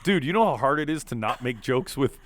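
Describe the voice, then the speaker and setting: A man's voice: mid-range voice, expressive, fairly quick. A young man, hosting a podcast and telling a rowdy story in casual chat, swearing often and switching into voices for the people he quotes. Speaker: podcast host.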